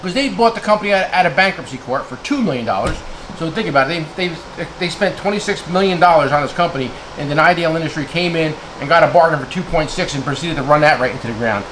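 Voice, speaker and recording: Heated tool guy from jersey ranting, high voice that swings all over, lots of "okay?". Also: lively intonation, quick pace, noisy background. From New Jersey. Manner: angry, blunt, name-calling, lots of "okay?". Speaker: tool dealer vlogger. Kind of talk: heated rant to camera.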